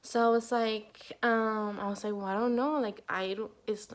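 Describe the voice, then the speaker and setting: A woman's voice: on the high side, steady tone, normal speed. A young adult woman telling a story in a casual vlog, chatty and exasperated, with lots of fillers. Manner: chatty, exasperated retelling with lots of "like" and "you know what I mean". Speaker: vlogger.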